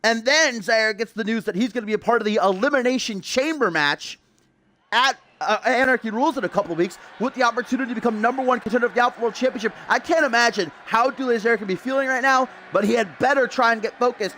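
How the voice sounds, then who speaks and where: A man's voice: extremely high pitch, fast talker, sharp tone, slight background noise. A young man calling a wrestling video game match as play-by-play commentator, building hype with casual asides to his stream chat.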